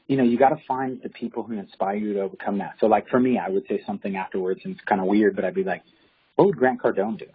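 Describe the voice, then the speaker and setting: A man, a real estate agent, chatting casually in an interview and telling animated stories. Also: on the low side, rapid-fire, few pauses, breathy edge. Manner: animated, acts out quoted voices. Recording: dull lo-fi audio.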